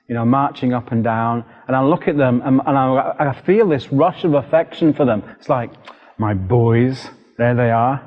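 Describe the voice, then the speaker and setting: A British man preaching a sermon as a lively storyteller, acting out the voices in his story. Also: mid-range voice. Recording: dull recording with long hall reverb.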